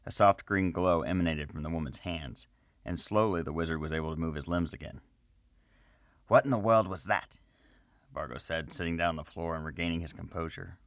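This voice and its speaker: A man's voice: extremely low pitch, steady tone, fast, no echo, clean studio sound. A man narrating a fantasy story and chatting to his listeners in a friendly way.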